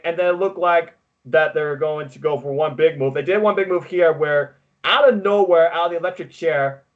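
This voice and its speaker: A man co-hosting a podcast, recapping wrestling in casual chat with excitable, quick play-by-play. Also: fairly high pitch, muffled recording. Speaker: podcast co-host.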